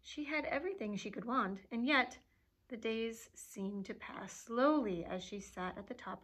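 Expressive woman reading a storybook aloud. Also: a little high, a little slow. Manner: expressive, with playful asides and gasps. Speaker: children's librarian.

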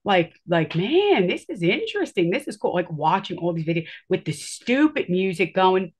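A woman with a husky, slightly rough voice tells a personal story in a loose, rambling way. She leans on filler words and acts out what people said as she goes. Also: on the low side, big pitch swings, moderate pace.

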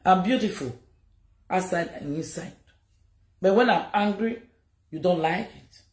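A woman's voice: on the low side, a little slow, a little mellow, roomy sound. Emotional Nigerian woman scolding on live video. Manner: emotional, scolding, repeats warnings. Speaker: social media personality. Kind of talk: direct-to-camera live video message.

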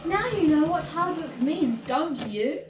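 A woman's voice: high voice, expressive, a little slow, background noise. A woman voicing a big, proud male express engine in a storybook reading, speaking in a cross, bossy way, recorded in an echoey room far from the mic. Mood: smug.

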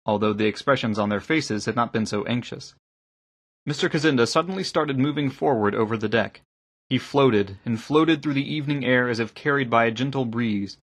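A man narrating an audiobook in a calm, measured reading. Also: medium pitch, husky.

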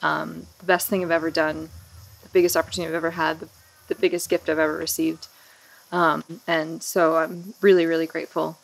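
A woman's voice: low voice, little pitch movement, brisk, creaky, poor audio. A woman in her thirties giving an earnest, grateful testimonial. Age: 30s. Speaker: training programme participant. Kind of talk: casual testimonial.

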